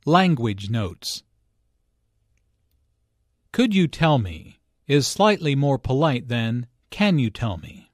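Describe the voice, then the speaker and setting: A man narrating an English lesson, explaining phrases slowly and deliberately, stressing key words. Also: medium pitch, big pitch swings, no echo, studio quality. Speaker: English teacher.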